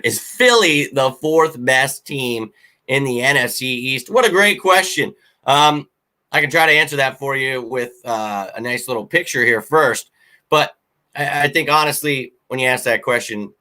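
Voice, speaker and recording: Blunt, ranting man, bright voice. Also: medium pitch, moderate pace. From Philadelphia. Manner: blunt, animated fan rant with frequent fillers. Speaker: sports podcast host. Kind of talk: casual sports talk.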